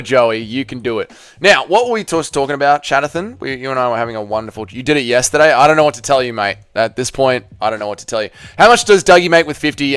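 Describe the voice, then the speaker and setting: A man's voice: mid-range voice, a bit bright, clean tone, no room sound. Swearing, laughing man on stream. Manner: swears a lot, laughs often, reads chat aloud. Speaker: live stream host. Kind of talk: casual live stream chat.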